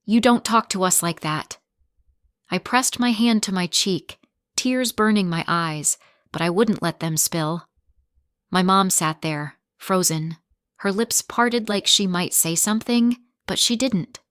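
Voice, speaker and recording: A woman narrating a first-person family drama story in a steady, dramatic reading style. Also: mid-range voice, unhurried, clear, resonant tone, no room sound, studio quality.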